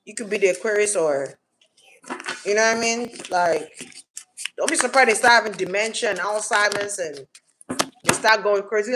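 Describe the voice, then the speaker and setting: A woman's voice: medium pitch, normal speed, pauses often, background noise. A woman giving a casual collective tarot reading, blunt and slangy, swearing freely and repeating words for emphasis. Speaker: tarot reader.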